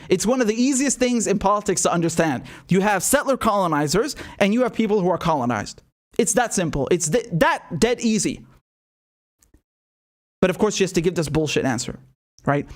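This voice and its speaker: A man reacting to political clips with profane, incredulous and mocking commentary. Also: high voice. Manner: incredulous and mocking, swears often.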